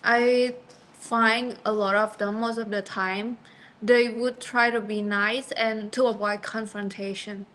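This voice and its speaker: A woman's voice: fairly high pitch, steady tone, slow pace, fairly bright tone, rough recording. A young woman in a casual student discussion, speaking with frequent "like" fillers and giving direct opinions. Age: young adult.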